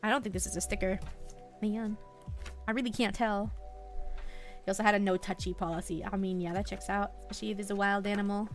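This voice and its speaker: A woman's voice: medium pitch, fairly even intonation, fast talker, long pauses, faint music behind. A woman live streamer chatting casually and playfully with her viewers, giggling as she reacts.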